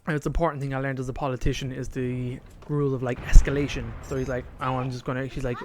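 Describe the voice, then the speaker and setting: Over some background noise, a male podcast co-host quickly runs through a story in casual conversation. His medium-pitched voice barely rises or falls, though he acts out the quotes.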